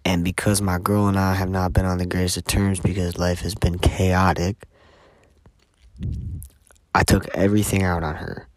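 Low-voiced man, blunt and emphatic. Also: no echo, studio quality. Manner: emphatic, swears freely, drops to near-whispers at times. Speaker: vlogger. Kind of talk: candid personal reflection to camera.

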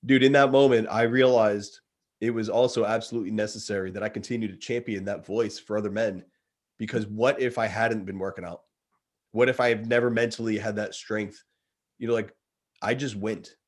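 A man's voice: fairly low pitch, a little fast. A man in his thirties, a guest, earnestly retelling a story in casual chat and often calling the listener dude. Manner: earnest, animated retelling, says dude a lot.

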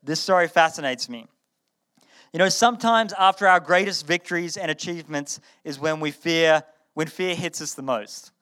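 A man preaching a sermon to a live audience, retelling a story in a conversational, animated way and often repeating his words. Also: on the high side, moderate pace, clear, resonant tone.

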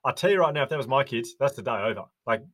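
A man with an Australian accent, a podcast guest who tells animated stories and acts out the voices of the people in them. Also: medium pitch, rapid-fire, slightly rough. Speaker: podcast guest, resilience educator. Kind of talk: casual interview chat.

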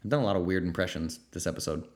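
A man hosting a casual Q&A podcast from his kitchen, energetic and blunt, reading out viewer comments and swearing freely. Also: low-pitched, rapid-fire. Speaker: podcast host. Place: home kitchen.

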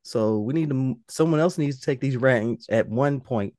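A man co-hosting a podcast in casual, joking banter, his voice hoarse from recovering from an illness. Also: medium pitch, normal speed, a little mellow, dry recording, clean studio sound. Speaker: podcast co-host.

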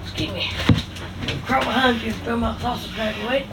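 A chatty woman swears and mutters to herself as she cooks in a home kitchen. Her voice sits a little high and back from the mic. Loud kitchen clatter runs under everything she says. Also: a little fast, echoey room, recorded from a distance, heavy background noise. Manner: chatty, swears, talks to herself while working. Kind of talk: casual chat while cooking.

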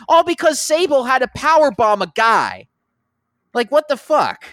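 A man's voice: extremely high pitch, huge pitch swings, unhurried, a bit bright, dry recording, studio quality. A man ranting and cursing in casual podcast chat, acting out the people he quotes.

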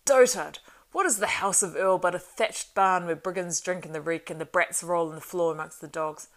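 A woman's voice: on the low side, moderate pace, vocal fry. A woman voicing a proud, silver-tongued old male wizard in an audiobook reading, lofty and coaxing in manner. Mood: venomous. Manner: coaxing and lofty, turning hissing and scornful.

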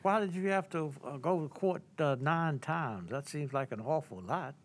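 A man interviewing a guest, asking questions haltingly with many pauses between phrases. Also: a little high.

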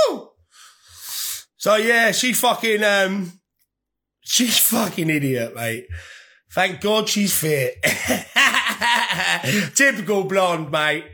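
High bright-voiced swearing man. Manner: swearing, rambling, laughing often. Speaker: vlogger. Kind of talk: casual chat to viewers.

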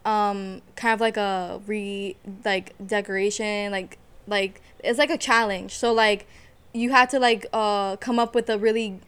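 A young woman chatting casually on a podcast, animated, swearing freely and laughing often. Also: medium pitch, measured pace, smooth. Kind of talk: casual chat.

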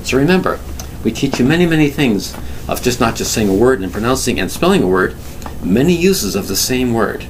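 A man giving a vocabulary lesson, explaining a word slowly, spelling it out and asking rhetorical questions. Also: mid-range voice, big pitch swings, a little hiss or hum, low-quality recording. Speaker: English teacher.

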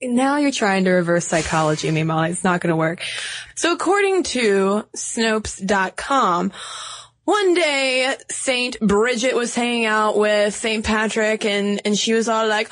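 A woman's voice: mid-range voice, a little slow. A woman co-hosting a podcast in casual chat, playful and jokey. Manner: playful, jokey, animated storytelling. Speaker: podcast co-host.

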